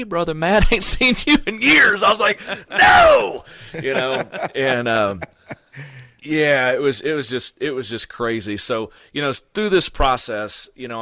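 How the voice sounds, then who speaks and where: A middle-aged man, a podcast guest telling his story in a casual, animated way, full of "you know" and "man". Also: fairly low pitch, no echo.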